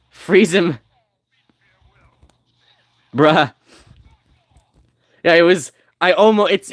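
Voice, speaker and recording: A man giving casual, rambling commentary as he plays a game, now and then reading game text aloud quickly. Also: a little high, wildly swooping pitch, no echo, studio quality. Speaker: game streamer.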